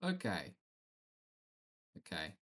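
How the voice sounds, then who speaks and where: A man's voice: deep voice, wildly swooping pitch, very slow, fairly bright tone. A man playing a tabletop game, thinking aloud as he picks his character's moves. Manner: thinks aloud while scrolling through options. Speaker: player. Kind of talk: casual game talk.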